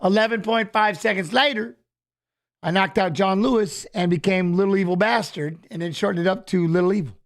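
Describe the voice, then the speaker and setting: A man's voice: high voice, fairly quick. A middle-aged man, a retired fighter co-hosting a casual watch-along, telling stories animatedly and repeating phrases.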